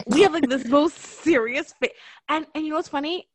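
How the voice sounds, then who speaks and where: Animated woman co-hosting a podcast. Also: sits high, moderate pace, no room sound. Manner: animated storyteller, acts out her kids. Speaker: podcast co-host. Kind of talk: casual chat.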